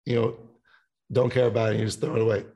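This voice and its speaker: A man's voice: medium pitch, little pitch movement, very fast, creaky, warm tone. A man, a musician guest on a casual podcast, rambling and swearing freely as he talks about songwriting. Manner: rambling, swears a lot, sings snippets.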